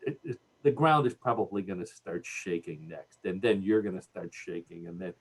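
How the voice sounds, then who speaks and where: A man's voice: low-pitched, moderate pace, husky. A man with a Cleveland accent hosting a radio show, joking and laughing at his own jokes. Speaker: radio host. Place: radio studio.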